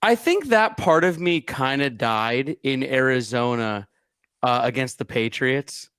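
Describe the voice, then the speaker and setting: A man co-hosting a sports podcast, a father telling stories in an animated, chatty way with frequent laughter. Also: mid-range voice, measured pace, clear, resonant tone, no room sound, studio quality. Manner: chatty, animated storyteller who laughs often. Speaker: podcast co-host. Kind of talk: casual sports chat.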